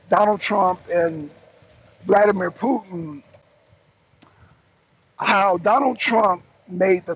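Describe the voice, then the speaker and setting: A man's voice: high-pitched, muffled recording. A man co-hosting a political talk show, rambling casually in slang and talking straight to his viewers. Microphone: struggling with a faulty mic on a live stream. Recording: noisy live stream with a bad mic.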